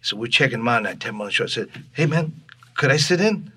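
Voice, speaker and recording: A man's voice: medium pitch, very fast, breathy edge. A man from Texas telling stories in an interview, acting out the voices of people in his tale. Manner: animated storyteller acting out voices. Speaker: guest musician. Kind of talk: storytelling interview.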